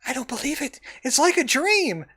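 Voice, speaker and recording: Brief: streamer woman voicing a sweet young fairy girl, high, airy, lively lilt, game dialogue read aloud. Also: moderate pace, exaggerated voice. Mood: amazed.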